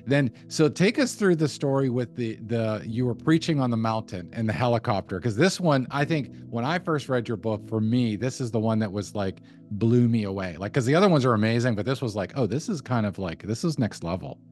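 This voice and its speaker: A man's voice: mid-range voice, lively intonation, a little fast, hardly any pauses, a little mellow, soft background music. Enthusiastic male interview host. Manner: enthusiastic, thinks aloud with many "like"s and restarts. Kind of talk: casual interview chat.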